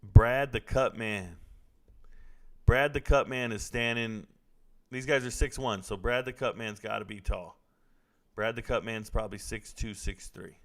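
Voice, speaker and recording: A man casually commenting live on a fight broadcast, reacting excitedly and talking to his chat. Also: lowish voice, a little slow.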